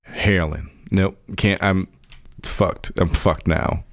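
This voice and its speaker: A man chatting excitedly as a player in a tabletop game podcast. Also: low voice, moderate pace, vocal fry, no echo, clean studio sound.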